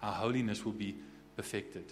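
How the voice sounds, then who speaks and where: A man's voice: fairly low pitch, normal speed. A man preaching a sermon in a conversational way, often restarting words and checking in with the listeners. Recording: echoey hall with faint hum.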